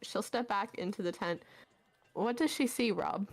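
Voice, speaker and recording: A woman running a tabletop game, describing scenes casually and loosely. She leans on fillers as she narrates, and her voice sits at a middle pitch. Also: normal speed, gravelly. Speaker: game master.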